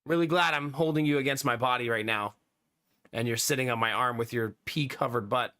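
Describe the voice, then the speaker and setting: A man streaming live, telling a story casually to his chat in an animated, exasperated way and laughing often. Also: medium pitch, brisk. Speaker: live streamer chatting with viewers.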